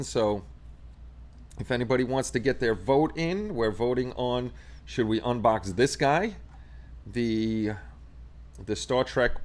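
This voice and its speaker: An American man hosting a casual hobby livestream, chatting and joking while he paints models. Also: medium pitch. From United States. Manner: chatty and joking, laughs often.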